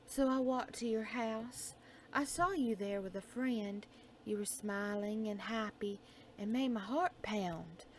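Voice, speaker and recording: A woman reading a dark romance story aloud, with a slow, soft, dreamy delivery that sometimes drops into whispers. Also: medium pitch, slight background noise.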